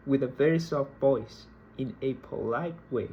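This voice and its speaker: A man giving a recorded university lecture, explaining slowly and deliberately and often repeating words as he searches for the next one. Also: medium pitch, warm tone, a little hiss or hum, poor audio.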